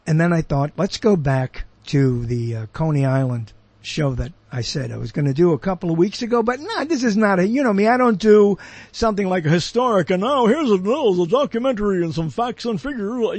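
A man's voice: on the high side, animated, fairly quick, a little mellow, breathy edge, no room sound. An older man, hosting his own show with a rambling solo monologue, wandering off topic and correcting himself as he goes. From Brooklyn, New York. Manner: digressive, questions and corrects himself. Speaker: host.

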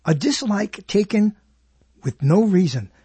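A man's voice: sits high, animated, a little slow, dark tone, slightly rough, dry recording. A man hosting a casual live internet talk show, rambling, joking and arguing with his co-host. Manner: rambling, jokey, argumentative.

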